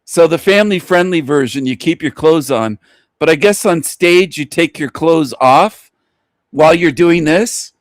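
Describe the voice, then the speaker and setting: A man's voice: fairly high pitch, a little slow, dry recording. A man giving mocking reaction commentary on a video, crude and incredulous, often breaking into laughter. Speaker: video reviewer.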